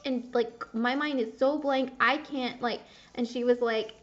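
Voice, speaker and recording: A woman's voice: fairly high pitch, steady tone, measured pace. A young woman chatting casually and candidly while playing a game, rambling and swearing at the game now and then. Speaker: gaming video creator. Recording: dull lo-fi sound.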